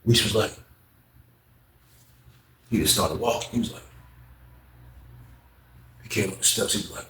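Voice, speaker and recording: In casual conversation, a man tells an animated story full of heavy profanity, voicing other people's lines in a raised pitch. He speaks unhurriedly with a gravelly voice in a reverberant space.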